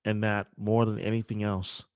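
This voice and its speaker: A young man hosting a podcast, speaking emotionally with halting restarts and apologies. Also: lowish voice, flat delivery, no room sound, studio quality. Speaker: podcast host. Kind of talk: emotional podcast dedication and interview.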